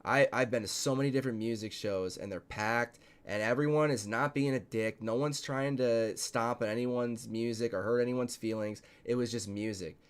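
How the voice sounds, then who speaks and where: A man's voice: medium pitch, fairly even intonation, moderate pace, few pauses, clear, resonant tone. A man hosting a casual podcast chat, telling stories with heavy swearing and emphatic delivery. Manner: profane, emphatic, storytelling. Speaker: show host and promoter.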